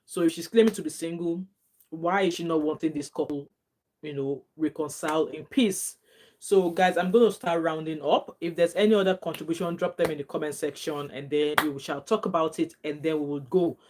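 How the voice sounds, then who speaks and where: A woman's voice: sits low, fairly quick, a little hiss or hum. Chatty Nigerian woman vlogger. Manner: chatty and animated, laughs often, drops into Nigerian Pidgin phrases. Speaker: gossip vlogger. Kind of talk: casual chat reading viewer comments.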